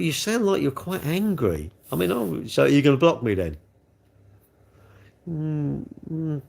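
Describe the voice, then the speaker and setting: A man in his sixties with a gravelly voice, hosting a casual live stream, chatting and joking as he answers viewer comments. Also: mid-range voice. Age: 60s. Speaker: livestream host reading chat.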